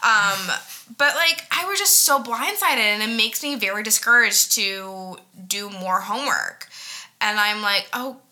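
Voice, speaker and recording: A woman in her twenties chatting casually as a podcast co-host, animated and self-mocking, full of fillers and swearing. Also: medium pitch, a little slow. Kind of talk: casual chat.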